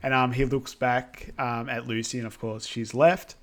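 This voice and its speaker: A man's voice: medium pitch, flat delivery, moderate pace, a bit bright. A man casually recapping a film on a podcast, easygoing and hesitant, with many ums. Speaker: podcast co-host.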